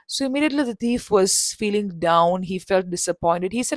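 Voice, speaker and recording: A woman tells a story for learners in a loose, chatty way. Her pitch sits in the middle. The sound is dry and close to the mic. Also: animated, brisk, no echo. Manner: conversational, with restarts and asides. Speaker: storyteller and English teacher.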